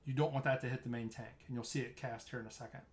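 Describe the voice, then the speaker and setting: A man's voice: medium pitch, fairly even intonation, fast talker, a little hiss or hum. A man casually explaining tanking tactics while narrating a replay of his own gameplay, talking loosely with frequent restarts. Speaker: streamer explaining raid tanking.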